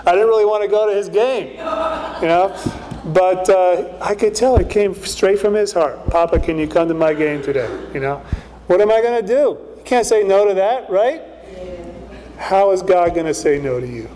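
A middle-aged male pastor delivers a sermon in a high, light voice. He talks plainly and conversationally, often tossing in a questioning "right?" to the congregation. His voice carries a long reverb from the church hall. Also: warm tone, a little hiss or hum.

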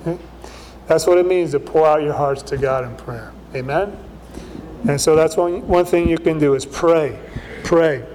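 A man's voice: a little high, unhurried, darkish tone, slight background noise. A middle-aged male pastor preaching a sermon in a casual, conversational way, often checking in with the congregation. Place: church hall. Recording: long hall reverb.

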